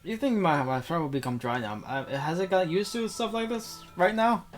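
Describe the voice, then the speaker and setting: A man's voice: high voice, expressive, normal speed, soft background music. A young man reading a visual novel aloud into a desk microphone, breaking off for rambling casual asides.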